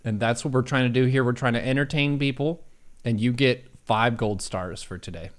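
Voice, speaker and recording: A man's voice: mid-range voice, brisk. A man hosting a casual live-stream discussion, playful and teasing, laughing often. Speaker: show host.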